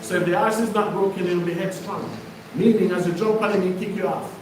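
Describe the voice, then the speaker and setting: A man's voice: high-pitched, fairly even intonation, fast talker, noisy background. A man preaching to his congregation, emphatic and conversational, often putting questions to the listeners. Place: congregation hall. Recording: echoey room, mic far off.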